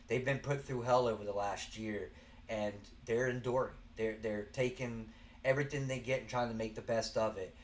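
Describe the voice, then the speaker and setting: A man with a Southern American accent hosting a show, giving earnest, rambling commentary with frequent restarts. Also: medium pitch. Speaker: show host. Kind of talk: casual spoken commentary.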